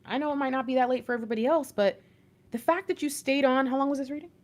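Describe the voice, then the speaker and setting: A woman's voice: high-pitched, rapid-fire, a little mellow. A woman hosting a live stream as an intuitive reader, giving viewers a blunt, slangy pep talk with bursts of laughter.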